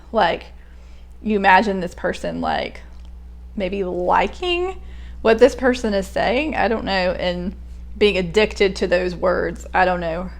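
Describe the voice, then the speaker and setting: A woman's voice: fairly low pitch, slow pace, creaky. A young woman talking through a poem in a casual, hesitant way, thinking aloud with many fillers and restarts. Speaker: poetry reader and commentator. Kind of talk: casual spoken poetry analysis.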